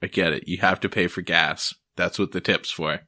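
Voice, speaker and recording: A man's voice: low-pitched, fairly even intonation, normal speed, bright, forceful tone, breathy edge, no room sound, studio quality. A man from Maryland co-hosting a podcast, ranting casually with profanity and wry laughs. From Maryland, USA. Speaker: podcast co-host. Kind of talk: casual chat.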